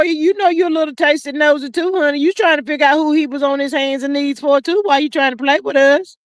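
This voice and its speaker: A woman hosts a casual livestream, gossiping in a sassy, drawling way and reading viewer comments aloud. Her pitch sits a little high and swings widely, and the recording is dry and close. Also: dry recording. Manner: sassy, drawling, peppered with "child" and "honey". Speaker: livestream host. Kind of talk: casual gossip chat with live chat readers.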